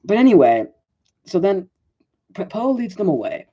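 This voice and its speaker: Rambling man with a lively voice. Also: high voice, normal speed, lo-fi sound. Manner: rambling, lots of "like" and fillers, self-correcting. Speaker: film reviewer. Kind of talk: casual movie review.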